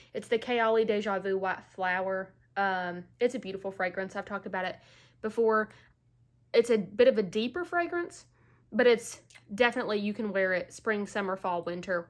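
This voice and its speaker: A woman beauty vlogger chatting casually through a makeup tutorial, stuffy and a bit out of breath from allergies, full of "like" and "um". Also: medium pitch. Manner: chatty, filler-heavy, lots of "like" and "um".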